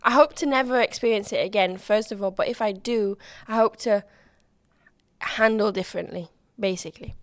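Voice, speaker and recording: A woman's voice: moderate pace, no echo. Bubbly woman podcaster, dry close sound. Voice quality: loud, high-pitched voice that rises when excited. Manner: bubbly and chatty, with frequent restarts and acted-out quotes. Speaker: podcast host. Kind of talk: casual solo podcast chat.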